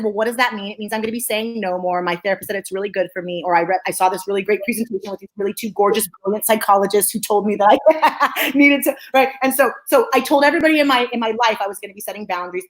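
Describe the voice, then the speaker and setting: The audio is poor as a psychologist host, a woman with a medium-pitched voice, leads a talk. She teaches with animated energy, repeats phrases for emphasis, and keeps checking in with "okay?".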